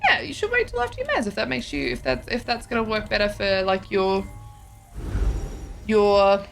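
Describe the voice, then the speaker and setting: A woman's voice: medium pitch, very animated, normal speed, gravelly, faint music behind. A tired woman streaming a card game, chatting casually with her viewers, yawning and joking as she stumbles over her words. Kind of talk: casual live-stream chat while gaming.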